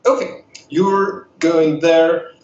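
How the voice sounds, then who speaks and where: A man narrating as game master of a tabletop game in a measured, descriptive way. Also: a little high, fairly even intonation, darkish tone, roomy sound, lo-fi sound.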